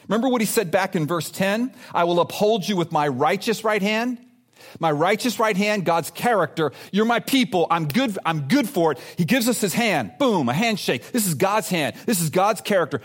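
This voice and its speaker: A man preaching a sermon as pastor, emphatic and animated, with playful asides to the congregation. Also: high voice, moderate pace. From grew up in a city.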